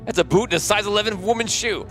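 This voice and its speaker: A man's voice: high voice, fast talker, fairly bright tone, soft background music. A man acting as game master, narrating a tabletop game in a loose, amused way and laughing often.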